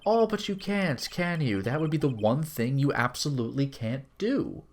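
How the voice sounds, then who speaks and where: A man's voice: mid-range voice, sing-song, normal speed, soft background music. A smug young celebrity shows his true face as a villain, taunting in a syrupy, mocking tone, as a man reads him for a game playthrough. The voice rises and dips a lot on the sneers. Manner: taunting, mock-sweet.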